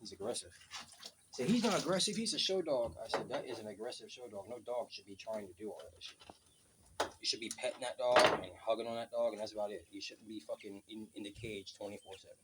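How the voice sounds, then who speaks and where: A fast-talking man with a low, steady voice vlogs outdoors beside a road, the background noisy. In a casual rant, he tells stories bluntly and swears a great deal.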